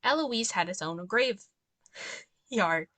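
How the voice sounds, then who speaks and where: A woman's voice: medium pitch, animated, slow, sharp tone, no echo. Chatty young woman, dry close sound. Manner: chatty, exasperated ranting asides. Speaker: gameplay commentator. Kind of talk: casual let's-play commentary.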